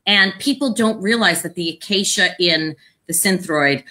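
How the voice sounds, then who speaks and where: A woman guest on a live video Q&A, explaining health topics in a casual, informative way while she keeps clearing her throat and coughing. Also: fairly low pitch, normal speed, pushed and bright. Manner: explanatory, informative, with many fillers. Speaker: guest thyroid patient advocate.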